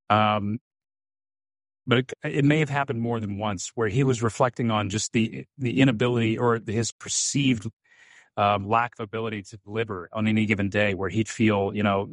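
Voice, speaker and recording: Guest: man, lowish voice, dry close sound, animated storyteller, many "um"s. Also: no echo. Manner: animated, quotes himself, frequent "um". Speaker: actor, interview guest. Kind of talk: conversational storytelling.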